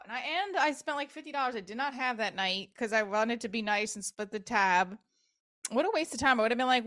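A woman in her forties hosts a solo podcast in an animated, slightly fast voice that sits on the high side with a fairly bright tone. She's candid and casual, swears freely, and jumps around between topics.

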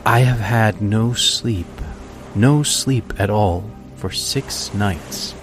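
A worn-out, sleepless stranger, as a man reads him aloud talks slowly and broodingly. The voice is low and tired. Music plays behind. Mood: weary. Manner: slow, weary, brooding speech. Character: weary, sleepless, despairing grown man.

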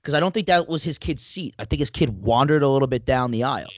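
A young man with a mid-range voice talks fast in easy sports banter, teasing and dry. The sound is close and dead, with no room at all. He keeps the tone casual and conversational. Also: medium pitch, no room sound. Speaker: sports podcast co-host.

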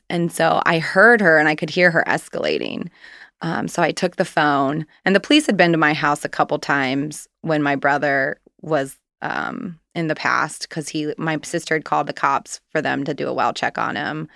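A woman's voice: low voice, fairly even intonation, moderate pace, vocal fry, a bit bright, no echo, studio quality. A woman in her thirties, a guest candidly recounting a personal story in casual, rambling conversation.

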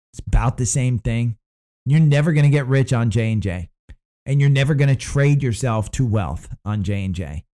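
A man's voice: medium pitch, warm tone. A man from the United States hosting a casual stock market show, rambling through his picks with lots of fillers and restarts.

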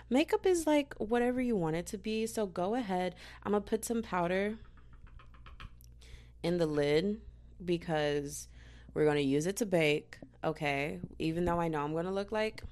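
Goofy young woman rambling through makeup. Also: on the low side. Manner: goofy, rambling, self-mocking, talks to viewers as "y'all" and "girl". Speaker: makeup vlogger. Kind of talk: casual chatty makeup tutorial. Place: bedroom. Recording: poor quality audio.

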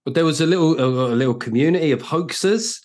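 A man's voice: fairly high pitch, fast talker, a little mellow. A man with a British English accent hosting a podcast, musing and posing questions to set up topics. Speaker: podcast host. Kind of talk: casual chat.

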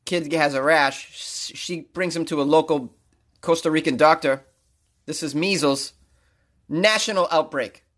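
A man hosting a comedic news talk show, mocking stories with loud rants and frequent laughter. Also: on the high side, measured pace. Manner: ranting, mocking, rising to loud outbursts; laughs often while talking. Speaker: podcast host reading news.

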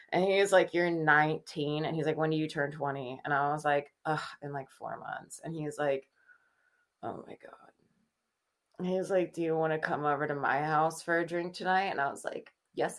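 A woman in her thirties from the Kansas City area tells a casual story as a podcast guest, chatty and laughing often while acting out the people she quotes. Her voice is low-pitched, bright and forceful.

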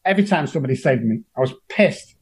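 A man's voice: medium pitch, animated, fast talker, breathy edge. A man, telling his own story as an interview guest in an earnest, emotional way. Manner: earnest, emotional, acts out quoted voices. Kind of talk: personal storytelling.

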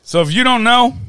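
A man's voice: extremely high pitch, pushed and bright, dry recording, clean studio sound. A man co-hosting a casual podcast chat, laughing often and repeating himself as he talks. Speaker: podcast co-host.

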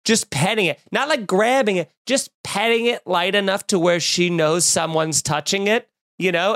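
Exasperated podcast host ranting, dry sound. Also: male voice, sits high, dry recording. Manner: animated, exasperated ranting with frequent cursing. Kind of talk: casual comedic podcast rant. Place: room at home with windows open.

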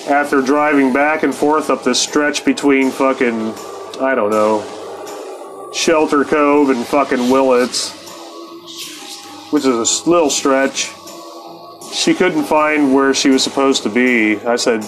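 A man's voice: medium pitch, poor audio. A man telling a story as a podcast host, with loose, rambling, heavily profane casual talk and frequent laughs.

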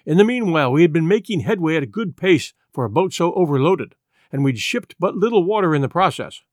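A man reading a classic adventure novel aloud in measured, even storytelling narration. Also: a little high, no echo, clean studio sound. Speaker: audiobook reader. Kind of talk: scripted narration.

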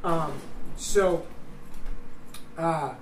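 A man's voice: a little high, very slow, slight background noise. A young man co-hosting a casual podcast, full of profane, self-mocking jokes and banter. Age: young adult. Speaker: podcast co-host. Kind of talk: casual chat. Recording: roomy echo, distant mic.

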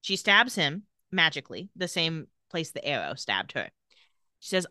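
A woman's voice: big pitch swings, a little fast, bright, forceful tone, no echo, studio quality. A woman co-hosting a podcast, casually recapping a TV episode and acting out the characters' lines. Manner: reads out scene lines, acting them with big pitch jumps. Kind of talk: casual chat.

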